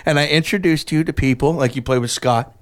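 A man's voice: on the high side, brisk, a little hiss or hum. A man co-hosting a podcast, chatting casually and telling stories in a joking, mock-sentimental way. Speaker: podcast co-host. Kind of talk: casual banter.

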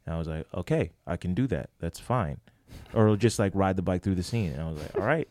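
A low-voiced man, a podcast co-host, tells a story in casual chat at a slightly fast clip. He's an animated storyteller who acts out the people he quotes, and the recording is dry.

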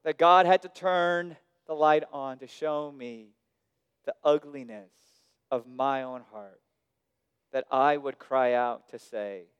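A man preaching a sermon as pastor, swinging between hushed, quiet phrases and sudden raised, emphatic lines. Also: mid-range voice, takes it slowly, smooth. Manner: dynamic preaching, dropping soft and rising loud. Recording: long reverb of a large hall.

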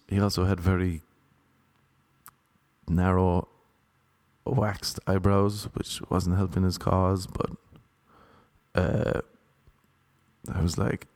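A man with an Irish accent telling rambling, self-mocking stand-up stories in a deadpan way. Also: sits low, a little slow, pauses often. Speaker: comedian. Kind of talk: stand-up storytelling.

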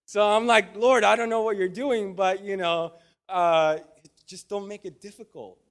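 A man's voice: sits high, fairly even intonation, a little slow. A man preaching in a conversational, storytelling way, full of restarts and asides. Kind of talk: storytelling sermon.

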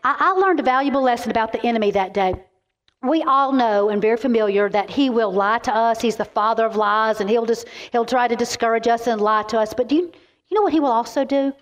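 A middle-aged woman, giving a keynote as animated, emphatic sermon-style storytelling. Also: fairly high pitch. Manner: animated and emphatic, quick asides. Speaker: keynote speaker. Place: large event venue.

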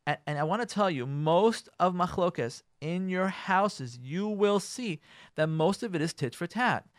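In an animated radio lecture, a rabbi with a high, bright voice swoops up and down as he acts out arguments between spouses, dropping in Hebrew and Yiddish words. He speaks unhurriedly, and the sound is close and dry with no room sound at all.

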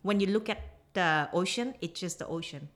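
A woman's voice: fairly low pitch, expressive, normal speed. Chatty woman with non-native English. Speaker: guest, silversmith. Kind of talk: casual podcast interview.

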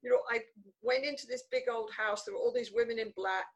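An older woman, a guest in an interview, telling stories from her childhood in an animated, emphatic way. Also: a little high, fast, low-quality recording. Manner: animated, emphatic, repeats words for stress. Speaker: guest author. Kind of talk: conversational interview storytelling.

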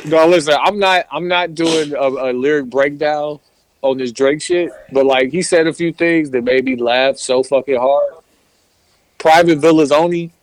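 Casting: male podcast co-host, slightly higher voice, loose and jokey. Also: normal speed. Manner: loose, joking, slangy banter. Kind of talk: casual chat.

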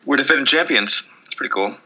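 Young male co-host, rapid-fire profane rants, very bright tone. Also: medium pitch, expressive, breathy edge, highs cut off. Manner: rambling, profane, jokey rants. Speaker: podcast co-host. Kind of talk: casual chat.

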